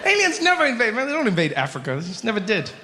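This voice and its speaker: A young man performing a stand-up comedy routine, telling a story with lively acted-out voices. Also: high-pitched, very fast, long reverb tail, a loud crowd, very noisy.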